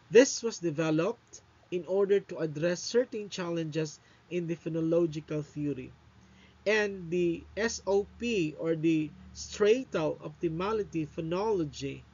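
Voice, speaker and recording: Male teacher with a slow, unhurried delivery, checks in with "no?" after his points; muffled lo-fi audio. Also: on the high side, a little mellow, slightly rough. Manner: often ends points with a questioning "no?"; explains step by step with fillers and pauses. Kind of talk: recorded lecture. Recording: dull lo-fi recording.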